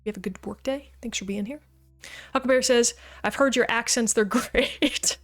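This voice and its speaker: A slightly high, fairly bright female voice at normal speed belongs to a woman streaming a video game. Chatty and quick to laugh, she talks to her audience while she plays.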